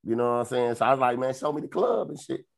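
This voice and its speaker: A young man with a Chicago accent tells a rambling story, loose and full of cursing. His voice sits at a middling pitch. It leaps high whenever he acts out what someone said. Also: fast talker, gravelly. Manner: animated, profane, jumps into high quoted voices. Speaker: podcast co-host. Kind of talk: casual storytelling chat.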